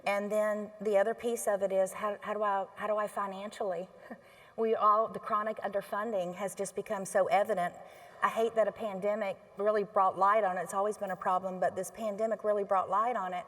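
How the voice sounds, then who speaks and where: A middle-aged woman speaking on stage to an audience, emotional and halting, often restarting her sentences. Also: mid-range voice, little pitch movement, fairly bright tone, long reverb tail. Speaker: healthcare association board chair. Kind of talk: onstage talk to an audience. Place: stage in a large hall.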